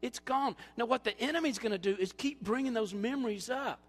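A male pastor preaching a sermon, animated and storytelling, acting out quoted voices, then dropping to quiet appeals. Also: extremely high pitch, fast talker, in a large hall, soft background music.

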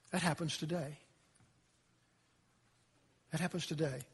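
A male pastor preaching a sermon, telling the story dramatically and dropping to quiet emphasis. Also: high voice, expressive, normal speed, pauses often, husky, long reverb tail.

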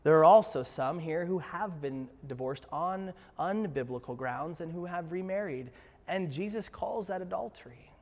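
A man pastor preaching a sermon in a church, moving between hushed passages and emphatic ones, with playful asides to the congregation. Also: on the high side, animated, moderate pace, big-room sound. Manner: passionate, swings from hushed to emphatic. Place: church sanctuary.

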